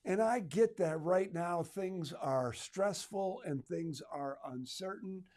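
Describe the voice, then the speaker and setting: Man telling a story, slightly high. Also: slow pace, darkish tone. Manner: conversational storytelling with asides and humor. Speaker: retail trainer. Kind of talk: personal story told to retailers.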